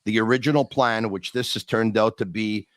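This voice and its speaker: A man's voice: fairly low pitch, fairly even intonation, moderate pace, no room sound. A man hosting a hockey podcast, talking energetically and emphatically and repeating phrases for effect. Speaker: podcast host. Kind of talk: hockey talk podcast monologue.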